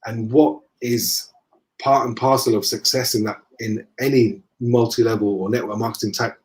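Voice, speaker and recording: Northern English man telling lively stories. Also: mid-range voice, normal speed. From northern England. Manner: lively anecdotes, acting out the dialogue. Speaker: guest. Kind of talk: casual storytelling in conversation.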